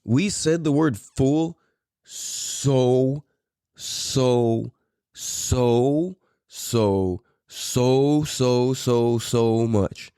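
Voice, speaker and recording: This podcast host, a middle-aged man from San Diego's Mira Mesa, has a mellow, clean, mid-range voice and draws out his words. The studio recording is dry with no room sound, and his casual storytelling is relaxed, profane, and punctuated by frequent laughter.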